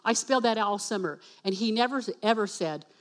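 A woman giving a personal testimony in church as a speaker and worship leader. She acts out the dialogue and spells words out slowly for emphasis. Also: mid-range voice. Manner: animated storytelling that acts out dialogue.

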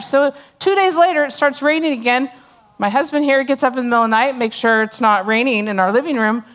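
High-voiced woman telling a funny story. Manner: storytelling, laughing often, sarcastic asides. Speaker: speaker at a church gathering. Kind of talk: humorous testimony talk.

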